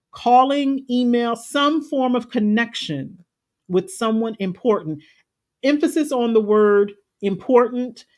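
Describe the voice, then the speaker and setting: A woman spiritual coach giving an earnest, folksy, conversational talk on a live stream. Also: medium pitch. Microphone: live stream setup.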